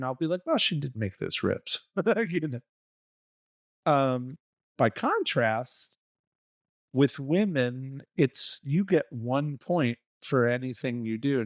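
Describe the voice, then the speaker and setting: Man, podcast co-host, blunt profane advice, mid pitch, dry close sound. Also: no echo. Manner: blunt and profane, acts out quoted dialogue. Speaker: relationship coaching podcast co-host. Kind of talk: casual podcast advice talk.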